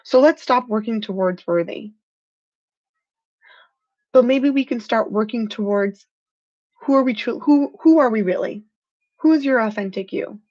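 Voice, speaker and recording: Earnest, higher-voiced woman hosting a live stream. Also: measured pace, long pauses, darkish tone, muffled recording. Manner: earnest, heartfelt and emotional, says "freaking" for emphasis. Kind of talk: motivational live-stream talk.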